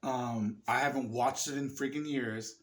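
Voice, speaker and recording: A tipsy man rambling through a casual film review, swearing often and getting excited. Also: mid-range voice, measured pace. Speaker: movie reviewer.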